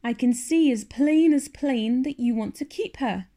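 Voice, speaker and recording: A woman voicing a stern, sharp-tongued older spinster in a storybook reading. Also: sits high, unhurried, voice pushed up. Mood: stern, scolding. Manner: curt, stern, scolding.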